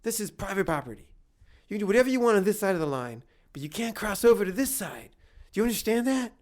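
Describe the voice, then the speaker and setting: A man's voice: sits high, very animated, fast talker, voice pushed up. A man voicing a curt, irritated stranger who lectures and then brushes someone off. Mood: irritated lecturing. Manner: lecturing, brusque. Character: curt irritated man guarding his beach.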